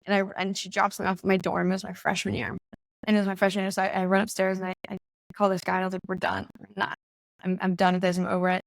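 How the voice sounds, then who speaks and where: Appearing as a podcast guest, a young woman in her twenties relates a personal story in casual conversation, chatty and full of "like" and acted-out quotes. Her medium-pitched voice is gravelly and monotone, she talks fast, and there's no echo.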